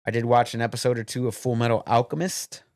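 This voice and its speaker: A man's voice: medium pitch, steady tone, fast, a little mellow, dry recording, clean studio sound. A man co-hosting a podcast in casual chat, rambling and swearing while he hunts for names. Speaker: podcast co-host.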